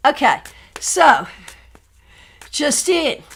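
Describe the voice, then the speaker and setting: Woman, tarot reader on a live stream, slightly high voice, casual, animated and quick to laugh. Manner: chatty, animated, laughs often. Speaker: tarot reader answering viewer questions.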